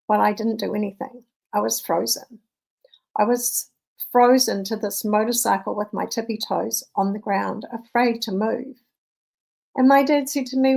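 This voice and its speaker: A woman's voice: fairly high pitch, creaky, low-quality recording. A woman in her fifties, a mindset coach, telling a personal story in an earnest, conversational motivational talk.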